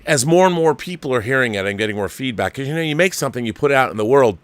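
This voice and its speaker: A man's voice: medium pitch, expressive, rapid-fire, smooth, no echo. A man hosting a show, casually reading a viewer's letter aloud and breaking in with his own asides. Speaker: host reading viewer mail. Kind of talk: casual chat.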